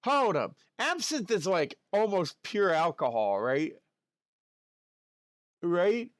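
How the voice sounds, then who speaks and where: A man's voice: high-pitched, very animated, slow pace, no echo. A male streamer chatting casually and playfully with his live chat while he works at his desk.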